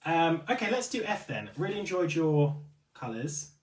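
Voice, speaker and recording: A man's voice: fairly high pitch, big pitch swings, normal speed, echoey room, far from the mic, slight background noise. A man hosting a live stream for a beauty retailer, chatting casually, reading out viewer comments and often apologising. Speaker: livestream host for a beauty retailer.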